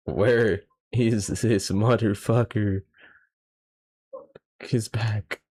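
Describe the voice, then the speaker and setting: Reacting live to a manga chapter, this young streamer speaks slowly in a lowish voice. He addresses his chat casually, cursing and clearly exasperated.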